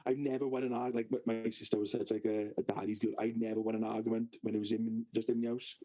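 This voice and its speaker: Welsh valleys man, young, husky, mid pitch, rambling story, trips over his words. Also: steady tone, fast, hardly any pauses, mellow, rough recording. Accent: South Wales Valleys. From Wales. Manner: rambling, stumbling restarts, swearing. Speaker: podcast co-host. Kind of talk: casual storytelling chat.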